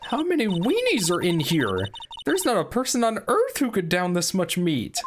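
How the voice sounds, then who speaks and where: A man voicing an excitable young woman sidekick in a high, squealing put-on voice over game music. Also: normal speed. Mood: excited.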